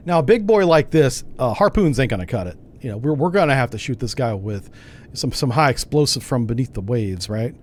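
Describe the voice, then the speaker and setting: A man's voice: medium pitch, lively intonation, a little fast. Man, game commentary, talks through each move aloud, wry asides, mid-range voice. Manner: thinks aloud, wry and self-mocking. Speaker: gaming channel host. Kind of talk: casual gameplay commentary.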